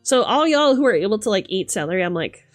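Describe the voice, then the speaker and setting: A young woman streamer chatting casually with her viewers, animated, laughing and swearing freely. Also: mid-range voice, fast talker, soft background music. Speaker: livestreamer.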